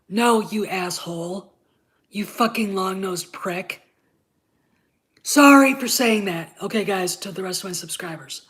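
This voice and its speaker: Slow-talking congested woman host. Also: mid-range voice, lively intonation, a bit bright. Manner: blunt, profane and heated. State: congested, getting over covid. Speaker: channel host. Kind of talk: casual opinion commentary.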